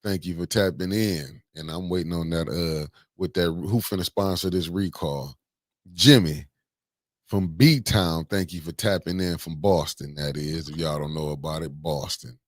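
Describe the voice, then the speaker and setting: A man hosting a casual morning livestream, greeting viewers by name with slangy, animated banter. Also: low voice, measured pace, no echo, studio quality. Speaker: livestream host.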